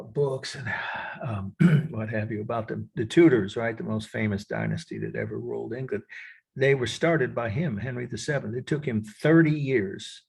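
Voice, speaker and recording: A man's voice: medium pitch, creaky, a little mellow, breathy edge. An older man teaching an art history class, in a rambling, digressive way with frequent chuckles. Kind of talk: recorded college lecture.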